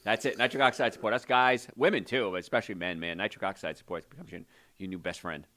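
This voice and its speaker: Male doctor-host, low voice, upbeat and pitchy, folksy sales patter on a health talk show. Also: quick pace, pushed and bright. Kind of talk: call-in health radio talk.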